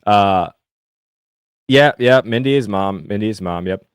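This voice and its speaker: Rambling low-voiced man chatting football. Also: unhurried, smooth, dry recording, clean studio sound. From Indiana, US. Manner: rambling, many fillers and restarts. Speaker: podcast co-host. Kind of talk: casual sports chat with live chat.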